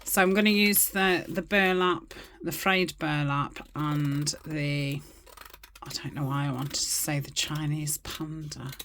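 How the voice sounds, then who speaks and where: A woman's voice: low voice, fairly even intonation, measured pace, fairly bright tone, a little hiss or hum. A middle-aged woman chatting casually as she works on a craft project, rambling and muttering asides to herself. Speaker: craft channel host. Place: home crafting desk.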